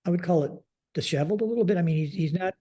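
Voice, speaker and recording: A man's voice: sits high, racing. An older man, a retired Air Force general, telling a story in a podcast interview and acting out the dialogue, with many fillers. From United States. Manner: animated retelling with acted-out dialogue, frequent fillers. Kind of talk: conversational storytelling.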